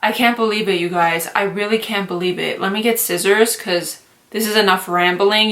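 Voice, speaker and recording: A young woman beauty vlogger talking through an excited unboxing and makeup tutorial, gushing and dramatic with lots of slang. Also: medium pitch.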